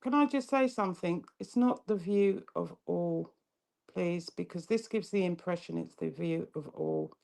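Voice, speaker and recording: Low, gravelly-voiced woman co-host. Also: measured pace, darkish tone. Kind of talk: talk show discussion.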